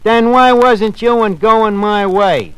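A man's voice: high voice, slow pace. A man in a brash, wisecracking manner with mangled grammar, in 1940s radio comedy style. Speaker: tavern manager character in radio comedy. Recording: noisy old radio broadcast.

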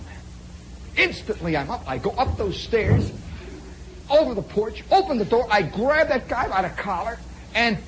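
Animated high-voiced male storyteller. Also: a little hiss or hum, poor audio. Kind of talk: spoken storytelling monologue.

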